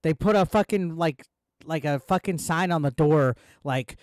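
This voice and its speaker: A man's voice: on the high side, normal speed, clear, resonant tone, no room sound, clean studio sound. A man ranting on a casual live stream, heated, swearing a lot and repeating himself. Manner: profane, heated ranting with filler words.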